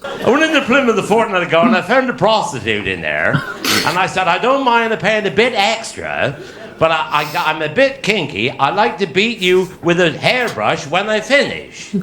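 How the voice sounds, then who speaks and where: A man with a Cornish accent telling rapid-fire stand-up stories, laughing at his own jokes. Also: high-pitched, wildly swooping pitch, sharp tone, roomy sound. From Cornwall. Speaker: stand-up comedian.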